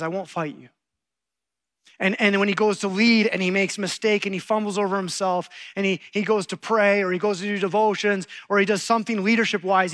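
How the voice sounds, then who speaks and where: Bright, animated male preacher. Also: high-pitched. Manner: animated storytelling, acts out quotes. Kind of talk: sermon.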